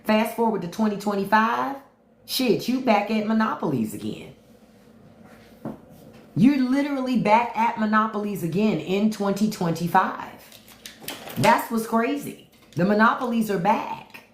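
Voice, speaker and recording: A woman hosting a livestream, commenting in an animated, profane, rhetorical way. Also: medium pitch, measured pace. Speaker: podcast host. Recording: roomy echo.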